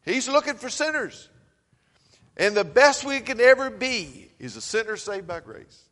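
A man preaching a sermon, swinging between loud, urgent calls and low, quiet passages. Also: big pitch swings, measured pace, in a large hall.

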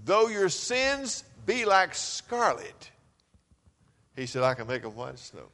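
A man preaches a sermon in a fairly high voice. He swings from loud, urgent calls to low, quiet passages, and his words hang in the long reverb of a big hall. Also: big pitch swings, slow pace.

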